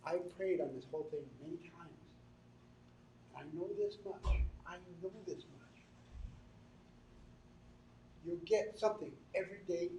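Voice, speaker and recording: A man giving a sermon as a spiritual teacher, earnest and halting, often repeating himself. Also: fairly high pitch, a little mellow. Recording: echoey room from a distant mic, faint noise.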